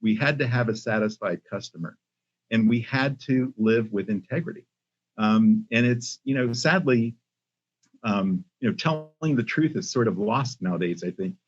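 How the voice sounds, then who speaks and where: An older man talks as a podcast guest, measured and thoughtful, often pausing to restart a sentence. His voice has a husky edge. The recording sounds dull and lo-fi. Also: on the low side. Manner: measured, many ums and restarts. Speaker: podcast guest, company CEO. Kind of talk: casual interview talk. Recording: muffled lo-fi audio.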